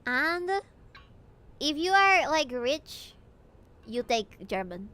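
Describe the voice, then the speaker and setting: A woman's voice: high-pitched, very animated, drawn-out words, bright, forceful tone. A young woman from Peru with a Peruvian Spanish accent, chatting playfully and giggling with her stream chat as a VTuber. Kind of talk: casual chat with chat.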